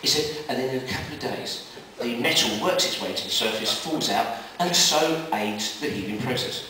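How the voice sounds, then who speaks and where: Bright-voiced comic in an echoey venue. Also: male voice, expressive, slight background noise. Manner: brisk storytelling, jumps in pitch for quoted characters. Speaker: stand-up comedian. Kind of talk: stand-up joke telling. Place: live comedy venue. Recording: echoey live room, mic at a distance.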